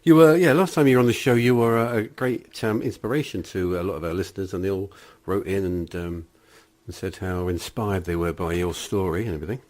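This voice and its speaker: A man's voice: low-pitched, fairly even intonation, a little fast, darkish tone. A British man hosting a radio show, introducing and chatting with his guest. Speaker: radio host. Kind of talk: casual radio banter.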